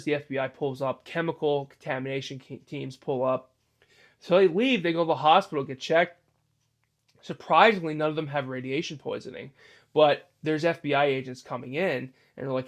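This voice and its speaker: A man's voice: on the high side, normal speed, creaky. Rambling man telling a cryptid story. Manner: loose, rambling, many fillers and restarts. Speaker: storyteller channel host. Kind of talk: casual spoken storytelling.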